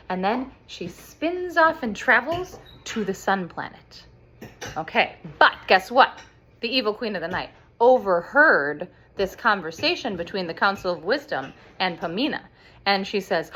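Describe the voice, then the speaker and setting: Lively woman storyteller for kids, pitch bouncing all over, animated. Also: measured pace, slightly rough. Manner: animated, expressive. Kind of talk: explaining an opera story to children.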